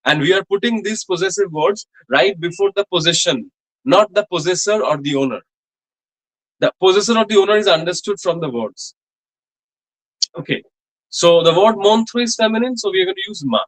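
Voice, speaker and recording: A man teaching a French grammar lesson in a college classroom, explaining slowly with many fillers and repeated examples. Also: high-pitched, animated, low-quality recording. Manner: repetitive, many fillers and restarts, slow spelled-out examples. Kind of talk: classroom lecture.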